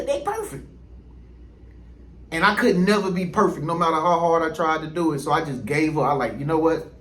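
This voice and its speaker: A man talks straight to his viewers in a loose, rambling vlog, full of restarts and quoted asides. His voice sits high for a man. The room around him rings with noticeable echo. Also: a bit bright. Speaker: vlogger. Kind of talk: casual monologue to camera.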